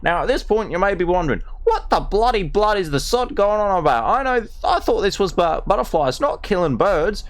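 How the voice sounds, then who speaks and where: A man puts on a brash old Australian doctor who reads his butterfly guide in a high, booming, broad accent. He is crude and theatrical, relishing every rough word. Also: sing-song, brisk, hardly any pauses. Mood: blustery. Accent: put-on broad Australian. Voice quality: loud, crude, theatrical storybook reading.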